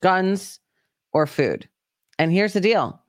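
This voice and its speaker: A man's voice: sits high, animated, takes it slowly. Blunt teasing podcast co-host, man. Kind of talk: casual chat.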